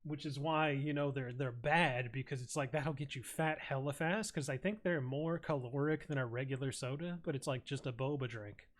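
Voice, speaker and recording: A man's voice: mid-range voice, normal speed, hardly any pauses. A man streaming, telling a rambling, crude and absurd comic story full of swearing. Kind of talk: casual comedic rant.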